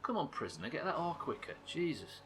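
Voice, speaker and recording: A man's voice: on the high side, very animated, brisk, fairly bright tone, slight background noise. A man giving live gameplay commentary, swearing and joking with his chat. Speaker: streamer.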